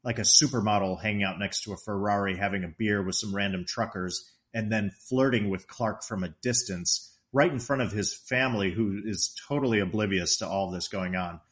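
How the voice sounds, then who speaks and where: A man co-hosting a podcast, casually retelling movie scenes in an animated way, laughing often and quoting the characters in a raised voice. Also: lowish voice, a little fast, few pauses. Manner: laughs often while talking. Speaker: podcast co-host discussing a movie.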